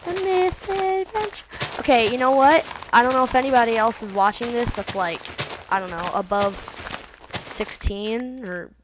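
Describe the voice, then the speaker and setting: A woman's voice: on the high side, normal speed. Rambling, silly teenage girl over game noise. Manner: rambling, silly, jumps between topics. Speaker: gaming video host. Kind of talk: casual let's-play commentary. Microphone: computer mic, voice set low. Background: game sounds from the video game.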